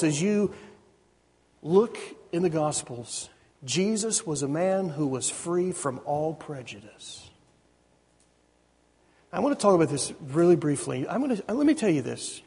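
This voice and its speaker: A man's voice: high voice, a little mellow, slightly rough. A man preaching a sermon in a conversational way, often asking his listeners questions and restarting his sentences. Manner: conversational, asks the audience questions, frequent restarts. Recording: reverberant hall.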